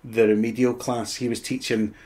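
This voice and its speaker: A man's voice: medium pitch, level tone, normal speed, a little mellow. A Scottish man, a guest actor, telling anecdotes in casual podcast chat, swearing freely and laughing as he goes.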